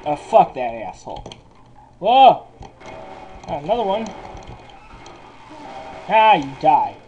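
A man's voice: on the high side, very animated, a little slow, a little mellow, highs cut off, slight background noise. A man giving casual game commentary while he plays, cursing constantly. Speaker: gameplay commentator.

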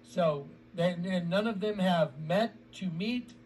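A man with a high voice delivers heated scripture commentary, agitated and insistent. He slows down to draw out quoted words and keeps checking in with his listener. He sounds a little off-mic, with faint ambient noise behind him. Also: a little mellow, far from the mic, rough recording. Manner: agitated, repeats "ready?" and drags out quoted words. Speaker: online preacher.

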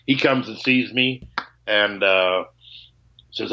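A man's voice: on the low side, animated, normal speed, muffled recording. A man, a guitarist, telling candid stories on a call. He acts out both sides of old conversations and swears freely. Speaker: guitarist guest.

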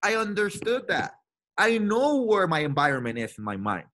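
A man's voice: sits high, wildly swooping pitch, moderate pace, fairly bright tone. A man from Latin America in his thirties, giving an emphatic, repetitive motivational talk to his team and acting out the voices he quotes. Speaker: team trainer.

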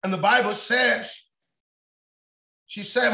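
A man preaching a sermon on a prayer line, shouting often and repeating his phrases. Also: very high-pitched, slow. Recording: echoey room sound.

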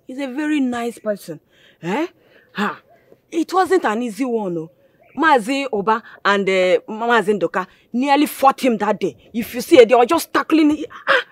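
A woman's voice: a little high, expressive, normal speed, no room sound. An actress with an Igbo Nigerian accent playing an older village mother who is fussy and full of exclamations. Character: worried old village mother. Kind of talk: Nollywood film acting.

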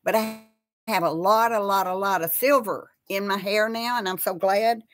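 A middle-aged woman with a Texas accent hosts a relaxed live chat. She rambles in a homey, friendly way and keeps turning to her viewers with y'all. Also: medium pitch, moderate pace. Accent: Texan.

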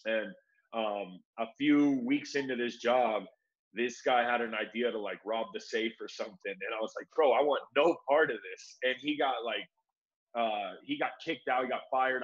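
A man telling a long story in relaxed, casual talk, peppered with "bro". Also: mid-range voice, fairly quick, muffled recording. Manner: laid-back, says "bro" a lot, acts out quoted voices. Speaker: guest.

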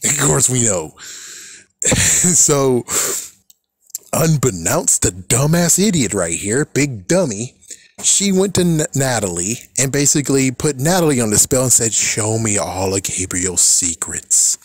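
A man's voice: medium pitch, animated, unhurried, pauses often, dry recording. A man casually recapping a cartoon episode, exasperated and swearing, often laughing at the characters. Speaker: cartoon reaction commentator.

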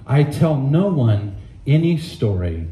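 A man voicing a calm, wise male lion in a measured storybook reading. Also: mid-range voice, echoey room. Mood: solemn.

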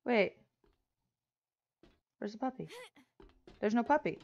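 A woman's voice: fairly high pitch, expressive, slow, vocal fry, a little mellow, muffled recording. A woman chatting casually and playfully while playing a co-op game, laughing often. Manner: giggly, playful, jokey. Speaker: co-op game player. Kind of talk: casual gameplay chat.

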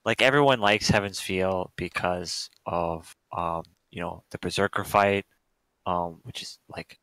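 A man's voice: low voice, steady tone, a little slow, a bit bright, clean tone, dry recording, poor audio. A man co-hosting a casual review podcast, analytical and hedging with many fillers. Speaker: podcast co-host.

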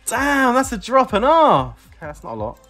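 A man streaming a game, excitable, whooping and laughing as rewards drop. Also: very high-pitched, a little fast, faint music behind. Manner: excitable, shouting and laughing at drops. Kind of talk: live game commentary.

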